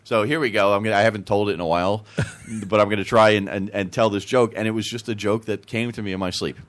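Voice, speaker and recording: A man's voice: fairly low pitch, fairly even intonation, fast. A man, a comedy writer and guest, chatting casually after some drinks, rambling and stammering through restarts. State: tipsy from drinking. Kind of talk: casual chat.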